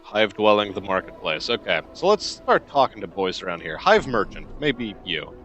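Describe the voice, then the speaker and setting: A man's voice: big pitch swings, normal speed, fairly bright tone, muffled recording, soft background music. Man reading game text aloud. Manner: reads game text aloud, low-key remarks. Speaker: let's player.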